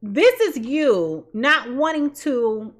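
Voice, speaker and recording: A woman's voice: sits high, animated, takes it slowly. A woman giving a casual tarot reading in a blunt, sassy way and laughing at her own jokes. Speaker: tarot reader.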